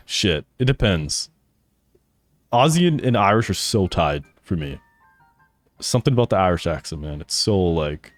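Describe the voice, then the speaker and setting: A man's voice: low-pitched, dry recording. A man streaming a game, chatting casually with his chat, laughing often and swearing freely. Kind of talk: casual live-stream chat while gaming.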